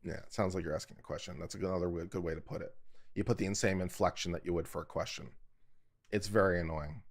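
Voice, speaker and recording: A man with a very low voice talks through legal points on his live stream. He explains carefully and often stops to critique his own delivery in a loose, chatty way. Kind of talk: casual live-stream commentary.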